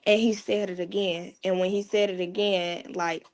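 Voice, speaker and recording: A woman's voice: medium pitch, level tone, normal speed. Candid mother telling a hard story. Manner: candid, casual, often dropping to a hushed tone. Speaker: guest, mother. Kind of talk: emotional personal storytelling.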